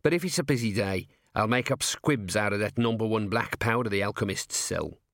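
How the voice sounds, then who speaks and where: A man voicing a tiny, fierce male gnome ratcatcher with gruff, proud, old-fashioned speech. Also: lowish voice, fairly quick, a bit bright, dry recording, clean studio sound.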